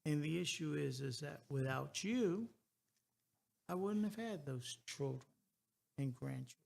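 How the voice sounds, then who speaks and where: A man in his early sixties hosting a talk radio show, earnest and halting, repeating words as he goes. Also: on the high side, animated, creaky. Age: 60s. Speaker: radio host. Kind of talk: casual talk radio chat.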